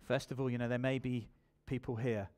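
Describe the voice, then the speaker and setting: A man's voice: mid-range voice, little pitch movement, brisk, darkish tone, faint music behind. A man preaching a sermon in church, telling his own testimony and building to emphatic appeals.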